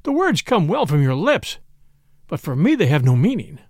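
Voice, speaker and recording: A man's voice: fairly high pitch, huge pitch swings, normal speed, a little mellow, no room sound, clean studio sound. A man reading an audiobook voices a mad, exultant male priest, wild and then cold and scornful. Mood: frenzied. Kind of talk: audiobook character voice.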